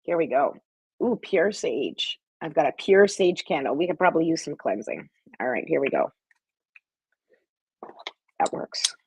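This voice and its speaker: A woman hosts a live-streamed motivational talk as a life coach. Her voice sits a little low and has a husky, breathy edge. She is chatty and encouraging, and the sound is dry and close. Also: lively intonation, a little slow, long pauses, dry recording, rough recording. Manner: chatty and encouraging, talks straight to viewers.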